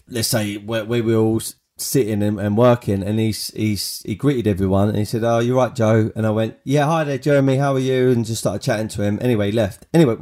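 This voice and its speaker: A man, telling personal stories as a podcast host in a chatty, animated way. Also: lowish voice. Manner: chatty, animated storytelling with many restarts. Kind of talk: storytelling monologue.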